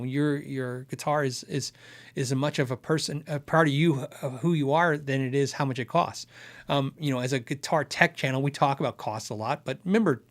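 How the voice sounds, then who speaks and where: A man's voice: fairly high pitch, fairly bright tone. A man hosting a guitar tech channel, answering viewer questions in a live-stream chat, earnest and thinking aloud with many restarts.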